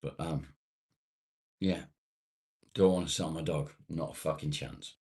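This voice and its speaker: A middle-aged man with a very low, deep voice chats on a live stream. He reads viewer comments in a laid-back manner, unhurried and slow, and swears freely. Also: fairly even intonation, a little mellow. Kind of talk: casual live-stream chat.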